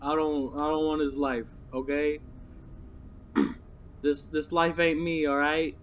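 Young male gamer, nervous, swears a lot, slightly high voice, unhurried delivery for a scared streamer. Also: flat delivery, highs cut off, a little hiss or hum. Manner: jittery, swearing, muttering nervously to himself. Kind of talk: horror game commentary.

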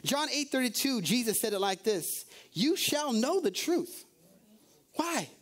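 Very high-voiced male preacher. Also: big pitch swings, unhurried, a bit bright. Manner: rhetorical questions with call-outs to the congregation. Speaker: pastor. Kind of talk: sermon. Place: church service.

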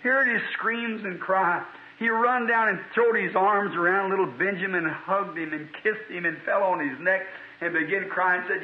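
A man's voice: sits high, steady tone, normal speed, few pauses. A man preaching a revival sermon, telling a story in a fervent, folksy way. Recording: tinny archival hall recording.

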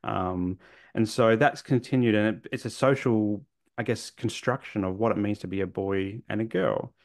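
A man's voice: lowish voice, normal speed, creaky. A middle-aged man speaking earnestly as a guest in an interview, thinking aloud with frequent restarts. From Australia. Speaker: guest, men's mental health therapist. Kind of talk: reflective interview conversation.

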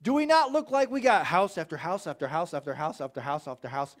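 A man preaching a sermon in a church, telling Bible stories in an animated, conversational way. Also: on the high side, fast talker. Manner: animated storytelling with acted voices. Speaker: pastor.

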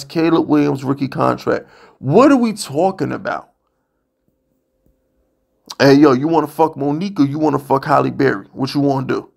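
A man's voice: mid-range voice, moderate pace, vocal fry, pauses often. A man ranting bluntly and profanely as a sports vlogger, exasperated and worked up. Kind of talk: heated sports rant.

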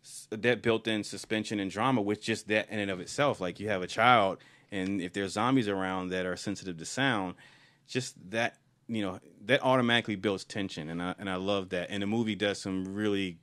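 A man's voice: fairly low pitch, steady tone, a little fast, fairly bright tone. A man co-hosting a casual film podcast, talking enthusiastically with lots of fillers and restarts. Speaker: podcast co-host.

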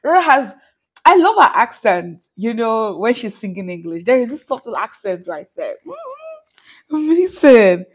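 A woman with a slightly high voice hosts her own reaction vlog. She talks to viewers in a loose, casual way and keeps breaking into gushing exclamations. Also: big pitch swings, moderate pace, breathy edge. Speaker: reaction channel host.

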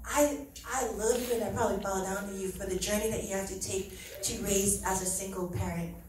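A woman's voice: medium pitch, steady tone, a little fast, a little mellow, slight background noise. Middle-aged woman in an echoing church. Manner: earnest, heartfelt, often laughing. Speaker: guest speaker giving testimony. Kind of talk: church testimony. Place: church hall. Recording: very echoey hall, mic from far off.

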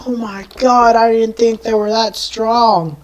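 A woman giving live gameplay commentary, exasperated, often yelling and screaming at enemies, with rambling self-mocking asides. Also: fairly high pitch, steady tone, a little slow. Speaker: gameplay video creator.

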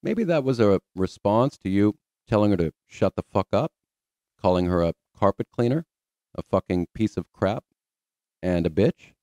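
A male host delivers a sarcastic rebuttal commentary. His voice is low and mellow. The recording is close and dry. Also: lively intonation, moderate pace, no echo. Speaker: channel host.

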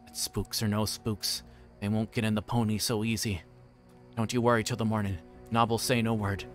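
Brief: man playing a fussy, stammering middle-aged innkeeper for a storybook reading, lowish voice. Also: level tone, moderate pace, faint music behind, close to an everyday voice. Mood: reassuring. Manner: flustered, stammering.

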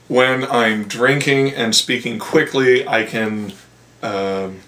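A man's voice: mid-range voice, fairly even intonation, takes it slowly, fairly bright tone. A middle-aged American man chatting casually with his mother, joking and sarcastic with a rambling flow. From United States. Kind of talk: casual chat.

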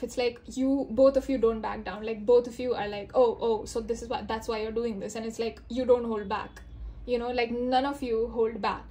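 Lady doing a chatty tarot reading, kinda high voice, lots of likes and you know, acts out quotes. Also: dark tone, slight background noise. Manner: rambling, filler-heavy, acts out quoted lines. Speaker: tarot reader. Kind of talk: casual spoken tarot reading.

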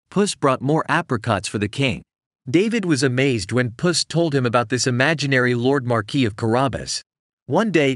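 Man, bedtime story narration, lively pitch, dry sound. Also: no echo.

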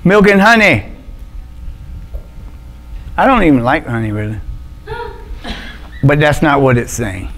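A man's voice: on the high side, big pitch swings, measured pace, long pauses, a bit bright, low-quality recording. A man with an Alabama accent preaching a casual, joking sermon full of slang. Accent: Southern US, Alabama. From Montgomery, Alabama. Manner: joking, loose and conversational, with slang. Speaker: pastor. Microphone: microphone with adjustable sound.

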